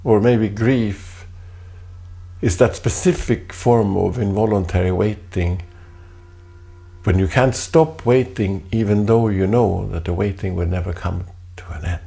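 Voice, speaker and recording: A man's low, gravelly voice drifts through a reflective spoken essay recorded at home. He talks very slowly and deliberately, stopping and restarting to repeat his phrases. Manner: deliberate, halting, repeats phrases, soft laughs. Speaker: artist performing a spoken text.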